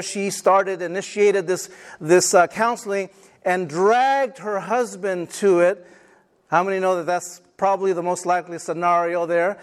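A middle-aged male pastor preaching a sermon, telling stories and calling the congregation to answer amen. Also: high-pitched. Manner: calls for amens, tells stories.

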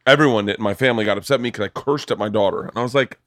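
A middle-aged man hosting a podcast, telling stories in casual chat with animated, profane energy. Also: lowish voice, rapid-fire, no room sound, clean studio sound. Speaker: podcast host.

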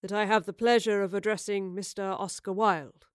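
A man's voice: high-pitched, steady tone, normal speed, smooth, no room sound, clean studio sound, lightly acted. A woman reading a storybook voices a portly, melancholy man in his forties with formal, old-fashioned phrasing. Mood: shaken. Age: 40s. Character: older man, portly, wounded, dignified, melancholy.

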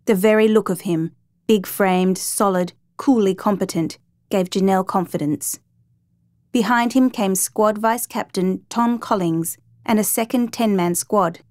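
A woman narrating a true rescue story in a measured, dramatic reading. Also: medium pitch, darkish tone, dry recording.

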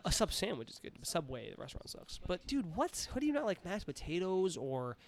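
Fast-talking New man, joking podcast co-host. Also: high-pitched, creaky, a little hiss or hum. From New York. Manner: joking, animated, swearing. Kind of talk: casual chat.

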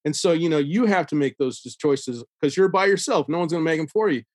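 A man who works as a safety consultant, a guest on a podcast, telling a story in a casual, animated way and acting out the dialogue he quotes. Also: on the high side, fast talker, dry recording.

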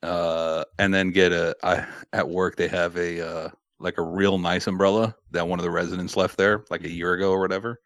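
A man with a lowish voice trades quips in loose, profane podcast banter. He sounds close and dry, with no room around him. His talk is quick with jokes and throws in swearing. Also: flat delivery, fairly bright tone, dry recording. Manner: joking, profane, quick with wisecracks. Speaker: podcast co-host. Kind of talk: casual chat.

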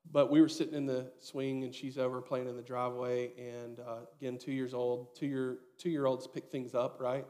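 A man in his thirties preaching a sermon, telling a story with lively acted-out dialogue. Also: mid-range voice. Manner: storytelling, animated, acts out quoted dialogue. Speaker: pastor.

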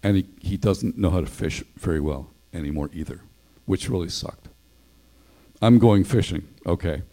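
A man's voice: deep voice, moderate pace, dark tone, rough recording. A male pastor preaching a sermon in a conversational way, acting out the voices of the people he quotes.

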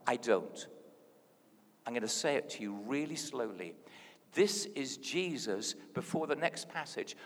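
A man preaching a sermon in a lively, playful way, dropping to a hush and then rising loud. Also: on the high side. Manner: animated, playful, swings from hushed to loud. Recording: hall reverb.

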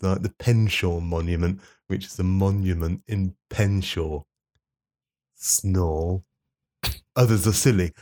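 A man's voice: fairly low pitch, a little mellow, voice pushed down, close to an everyday voice. A man doing a comic impression of a smug, self-important politician, reading out a childhood diary in a pompous, mock-earnest way. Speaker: comedy podcast host.

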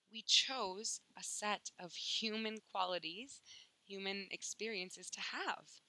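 A woman's voice: medium pitch, normal speed, pushed and bright, low-quality recording. A woman giving a spoken spiritual teaching, emphatic and casual, swearing freely as she talks. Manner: emphatic, swears casually, acts out inner voices.

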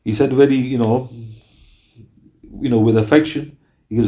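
Mellow-voiced man giving a religious lecture. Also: medium pitch, steady tone, moderate pace, pauses often. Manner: earnest, rhetorical questions, quotes Arabic. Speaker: Islamic teacher.

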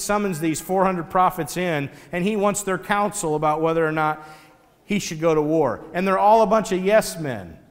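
Animated male preacher in a big echoing hall. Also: sits high. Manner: animated storytelling, conversational. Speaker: pastor. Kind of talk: sermon.

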